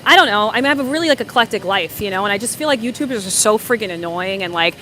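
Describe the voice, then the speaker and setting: A woman's voice: mid-range voice, lively intonation, rapid-fire, sharp tone, slight background noise. A woman hosts a casual livestream, answering viewer comments and telling rambling stories full of fillers and restarts. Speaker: livestream host.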